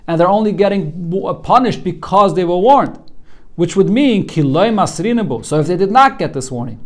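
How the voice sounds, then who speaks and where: Man teaching a Talmud class, slightly higher voice, earnest, repeats words as he starts. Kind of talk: explaining a text line by line to students.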